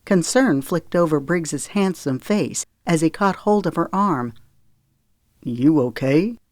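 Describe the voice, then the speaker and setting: A woman narrating an audiobook in a measured, expressive reading voice. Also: on the low side, dry recording.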